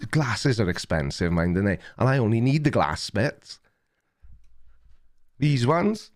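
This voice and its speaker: A man's voice: medium pitch, big pitch swings, measured pace. A middle-aged man with a rambling, self-deprecating manner, hosting a casual livestream and reading chat comments aloud. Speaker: livestream host.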